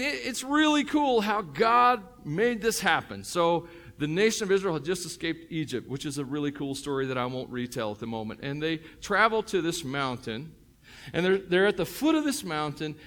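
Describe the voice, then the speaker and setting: A man's voice: a little high, a bit bright. A middle-aged man with a Tennessee accent, a pastor preaching a sermon in a joking, conversational way with many fillers and restarts.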